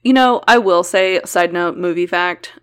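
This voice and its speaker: A woman's voice: on the low side, a little slow, smooth. A woman co-hosting a podcast, chatting casually and animatedly, often laughing. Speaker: podcast co-host. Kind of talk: casual chat.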